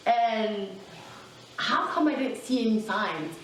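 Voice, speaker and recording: A young adult woman telling a personal storytime in a casual, animated way, full of fillers and asides. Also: a little high, takes it slowly, distant mic, a little hiss or hum. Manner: chatty, animated, lots of fillers. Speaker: vlogger. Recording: very echoey room, mic set back.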